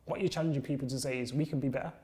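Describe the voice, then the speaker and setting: A man's voice: mid-range voice, steady tone, very fast, warm tone. Encouraging male podcast host. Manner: encouraging, lots of listening murmurs. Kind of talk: casual podcast interview.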